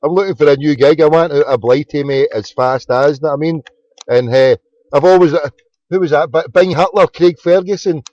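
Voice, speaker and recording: A Glaswegian man hosts a late-night radio phone-in, his voice sitting a touch high for a man. He rambles, jokes and trips over his words. The audio is dull and lo-fi, with a dry, close sound. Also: fairly quick, darkish tone, dry recording. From Scotland. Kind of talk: casual chat.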